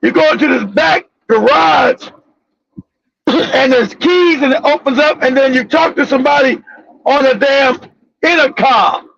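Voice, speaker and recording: Casting: man, very high voice with heavy fry, loud, profane storyteller, dull lo-fi recording. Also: measured pace. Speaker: talk show host. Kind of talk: casual storytelling.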